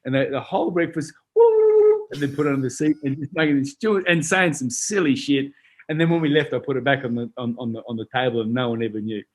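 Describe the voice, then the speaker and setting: An Australian man telling stories in a casual chat, animated and swearing freely, acting out the other people's voices. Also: mid-range voice, fast. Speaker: guest, retired boxer. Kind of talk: casual storytelling.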